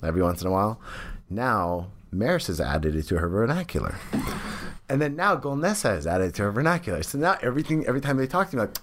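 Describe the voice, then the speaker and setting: Laughing, animated man chatting as a guest. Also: lowish voice, quick pace. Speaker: podcast guest. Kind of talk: casual interview chat.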